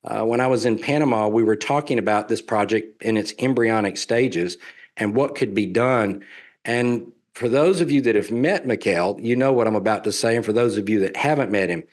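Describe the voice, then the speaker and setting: A man's voice: on the low side, moderate pace. A man with a Southern US accent giving a sales presentation on real estate investing, folksy and persuasive, repeating his key points.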